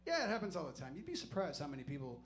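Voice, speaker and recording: A man putting on a male police officer who shouts commands and later explains things calmly and patiently. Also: a little high, racing, noisy background, pitched below the performer's own voice. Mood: calm, reassuring. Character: male police officer, barking then oddly kindly.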